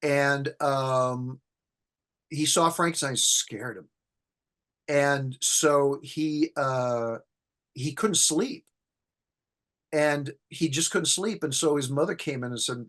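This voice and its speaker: A man's voice: fairly high pitch, takes it slowly. A man, a screenwriter and horror film expert, telling anecdotes as an interview guest and acting out the quotes. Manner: relaxed anecdotal storyteller who acts out quotes. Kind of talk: storytelling in an interview.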